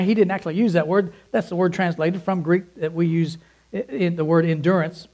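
A man preaching a sermon as a pastor, earnest and pleading, swinging between emphatic bursts and soft, quiet asides. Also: sits high, rough recording.

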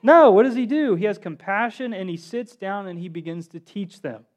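High-voiced man preaching a lively sermon. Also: moderate pace. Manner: animated, asks the congregation questions, acts out quotes.

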